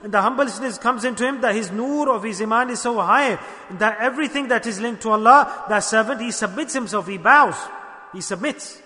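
High-voiced, bright preacher in a hall. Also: male voice, a little fast. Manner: emphatic, repeats lines and asks the audience questions. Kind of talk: sermon. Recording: long hall reverb.

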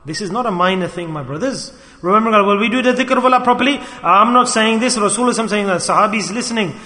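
A preacher gives an impassioned sermon fast, in a high, bright voice, swinging between loud calls to his listeners and hushed asides. The long reverb of an echoey hall rings around him.

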